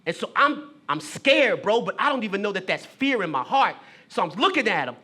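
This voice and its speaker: A man's voice: sits high, very animated, a little fast, pushed and bright. A man performing a theatrical monologue, talking casually to his brother with lots of "bro" and "man", confessional and emotional. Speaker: theater artist and poet.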